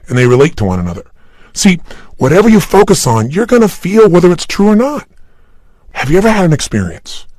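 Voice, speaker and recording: Husky, emphatic motivational speaker man. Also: mid-range voice, no echo, clean studio sound. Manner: emphatic, energetic, addresses listener directly. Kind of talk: motivational talk for an audio program. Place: recording room, unscripted and standing. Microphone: studio microphone.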